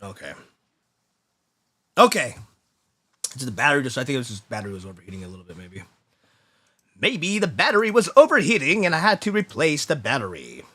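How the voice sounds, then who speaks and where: A man's voice: mid-range voice, very animated, brisk, pauses often, pushed and bright, breathy edge, no echo. A man in his thirties chatting casually on a live stream, rambling and swearing as he reads out chat. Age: 30s. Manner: rambling and profane, reading chat aloud.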